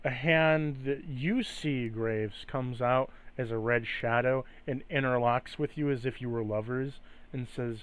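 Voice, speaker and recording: A man's voice: medium pitch, fairly even intonation, unhurried, clear, resonant tone. Man narrating as game master.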